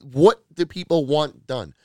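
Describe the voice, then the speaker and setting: A man's voice: fairly high pitch, unhurried, dark tone, no echo. A man co-hosting a podcast, stubbornly arguing his point, swearing and interrupting. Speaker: podcast co-host. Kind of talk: heated casual sports argument. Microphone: podcast microphone.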